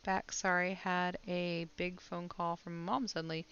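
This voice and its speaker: A woman's voice: fairly low pitch, flat delivery, measured pace, fairly bright tone, clear, resonant tone, dry recording, highs cut off. A woman hosting a casual crochet livestream, chatting with viewers and laughing often. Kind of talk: casual live chat with viewers.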